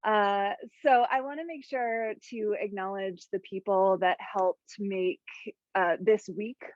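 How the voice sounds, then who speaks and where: A woman's voice: mid-range voice, steady tone, slow pace, no room sound. A woman director speaks hesitantly and stops often to gather her words. Her voice comes through a dry, dull video call line. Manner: hesitant, many fillers. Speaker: director of open education. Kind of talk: closing remarks on a video call.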